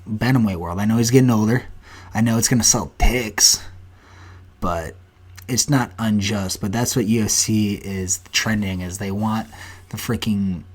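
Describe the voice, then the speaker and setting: A man in his twenties hosting a solo podcast, talking bluntly and profanely with animated asides. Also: fairly low pitch. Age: 20s. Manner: blunt, profane and animated, breaks into mock voices. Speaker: podcast host. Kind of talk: casual solo podcast rant.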